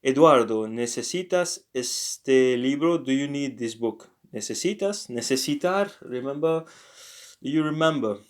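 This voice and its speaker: Man, language teacher, slow unhurried pace, halting, lots of fillers, corrects himself. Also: medium pitch, expressive. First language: French. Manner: slow, halting, thinks aloud with many fillers and self-corrections. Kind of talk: casual online language lesson.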